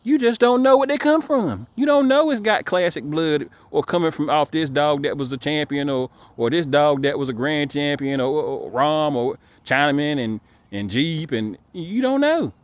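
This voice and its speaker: A man's voice: fairly high pitch, lively intonation, normal speed, few pauses. A man giving a casual ranting monologue to camera, emphatic and repetitive, stumbling over repeated words. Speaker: dog breeder vlogger.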